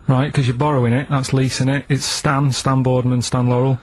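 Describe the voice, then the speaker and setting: A man on a radio show setting quiz clues in a slow, halting way, repeating his words. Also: mid-range voice, flat delivery. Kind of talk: casual radio banter. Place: radio studio.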